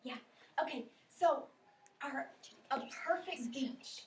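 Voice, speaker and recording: Woman, teacher, high voice, encouraging, slow and clear for children, roomy classroom, distant mic. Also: slight background noise. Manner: upbeat, encouraging, speaks slowly and clearly for young children. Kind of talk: classroom vocabulary lesson.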